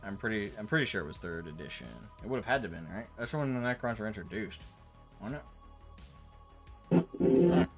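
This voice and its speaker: A man streaming while painting miniatures, telling a long casual story in a rambling, animated way with the odd swear word. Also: lowish voice, moderate pace, pauses often. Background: faint Gregorian chant music.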